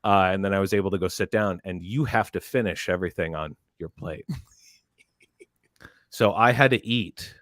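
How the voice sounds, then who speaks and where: A man on a podcast, telling a story in a casual, animated way, close to a studio mic. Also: sits low, normal speed, no echo. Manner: animated, barks quoted drill lines. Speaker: podcast panelist.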